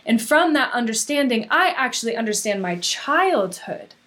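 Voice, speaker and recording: Ożywiona kobieta po trzydziestce, wysoki głos. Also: female voice, fairly high pitch, normal speed. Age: 30s. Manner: earnest, animated, acts out quoted voices. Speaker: podcast guest. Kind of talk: candid conversational interview.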